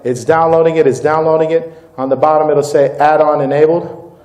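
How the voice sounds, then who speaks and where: A man presenting as company CEO at a distributor meeting, slightly higher-pitched than most men. He talks informally and with energy, walking the crowd through a demo and then a pitch. The sound carries the echo of a reverberant meeting room. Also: steady tone, fairly quick, darkish tone. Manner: upbeat, informal, keeps addressing the crowd as "guys". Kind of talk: live product demo and sales pitch. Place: meeting room with live audience.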